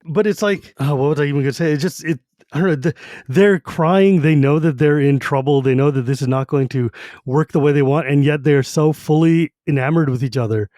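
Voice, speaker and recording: A man co-hosting a podcast with a slightly higher voice, talking in an eager, casual way as he retells scenes from a book. The sound is dry and close, with no room around it. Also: brisk, warm tone, no echo. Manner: enthusiastic, retells scenes loosely with paraphrased quotes. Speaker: podcast co-host.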